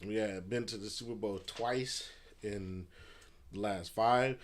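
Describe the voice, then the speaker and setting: A man's voice: lowish voice, unhurried, creaky. A man hosting a casual solo podcast from a messy room at home, rambling loosely with fillers and swearing. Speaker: podcast host. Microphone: podcast mic.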